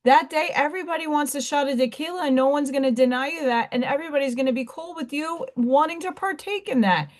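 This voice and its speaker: A middle-aged woman hosts a relaxed livestream with a slightly high voice. She rambles from topic to topic and stops to greet her viewers by name. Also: fast talker, few pauses. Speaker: livestream host. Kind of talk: casual live chat with viewers.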